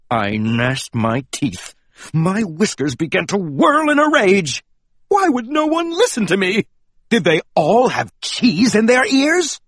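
A man narrating a children's storybook in an expressive, animated read-aloud delivery. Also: sits high, slow, dry recording, clean studio sound.

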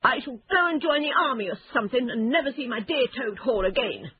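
A woman voicing a boastful, excitable male toad in a storybook reading, talking high, quick and self-pitying. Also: slightly rough. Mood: miserable. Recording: tinny phone-like lo-fi sound.

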